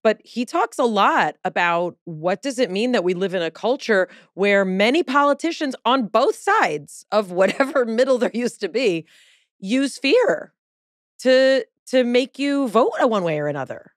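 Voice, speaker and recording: A woman hosting a podcast, animated and jokey in casual chat. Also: fairly high pitch, no room sound, clean studio sound. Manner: animated, jokey, quick to laugh. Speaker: podcast host.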